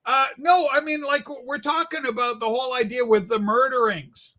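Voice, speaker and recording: A man co-hosting a political livestream, mocking and profane, talking loudly in crude banter. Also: extremely high pitch, fairly even intonation, moderate pace.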